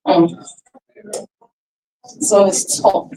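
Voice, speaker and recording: A woman's voice: mid-range voice, level tone, drawn-out words, warm tone, recorded from a distance, slight background noise, low-quality recording. A woman hosting an icebreaker game with an audience, chatty and laughing often, restarting her sentences. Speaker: event host.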